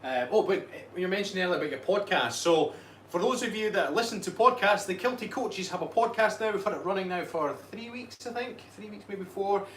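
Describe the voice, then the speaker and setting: A man's voice: high voice, fairly quick, fairly bright tone, far from the mic. A Scottish man who co-hosts a fitness live stream, reading out viewer comments in an upbeat, teasing way. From Scotland. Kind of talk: casual live-stream chat. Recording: echoey room, faint noise.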